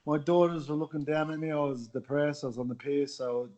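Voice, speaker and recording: A man's voice: a little high, little pitch movement, brisk, a little mellow. A middle-aged man with an Australian accent, telling his story as a podcast guest in a candid, blunt way with some swearing. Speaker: guest, former athlete. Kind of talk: casual podcast chat.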